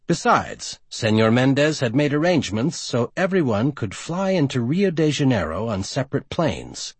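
A male audiobook narrator with a husky voice whose pitch rises and falls a great deal as he reads. He sounds close and completely dry, at a middling pitch. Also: no echo. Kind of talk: scripted narration.

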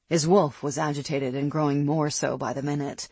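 Husky-voiced narrator reading fantasy. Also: female voice, low-pitched, moderate pace, hardly any pauses, no room sound. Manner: steady, even storytelling. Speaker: audiobook narrator.

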